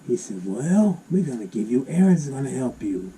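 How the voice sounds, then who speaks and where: A man reading Bible verses aloud and explaining them in an animated, exclaiming way. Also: mid-range voice, moderate pace, hardly any pauses, slightly rough, poor audio. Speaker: Bible teacher.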